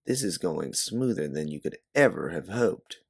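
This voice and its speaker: A man narrating a second-person audiobook story in a steady, measured way. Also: deep voice, gravelly, slightly rough, no echo, clean studio sound.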